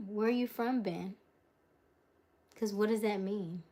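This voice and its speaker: A woman's voice: medium pitch, unhurried, pauses often, warm tone. A woman hosting a casual livestream from her home, chatting and answering viewer comments aloud, laughing often and trailing off. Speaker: livestream host. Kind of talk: casual live-stream chat. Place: her home, mid-move.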